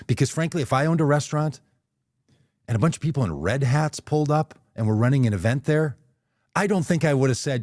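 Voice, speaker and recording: A man's voice: medium pitch, expressive, fast talker, a little mellow, no room sound, clean studio sound. A man telling a personal story as a guest speaker on a video call, in a conversational way, correcting himself as he goes. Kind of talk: anecdotal storytelling.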